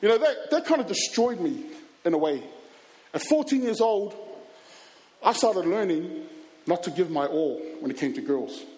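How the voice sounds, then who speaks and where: A man telling personal stories to a live audience, animated and acting out scenes and voices. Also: high voice, normal speed, long pauses. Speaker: youth speaker. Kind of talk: storytelling talk to an audience.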